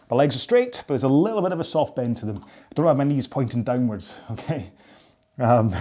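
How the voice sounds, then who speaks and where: A middle-aged rowing coach with a mid-range, darkish voice leads a follow-along stretching session after a rowing workout. He's chatty and pokes fun at himself, drifting into rambling asides.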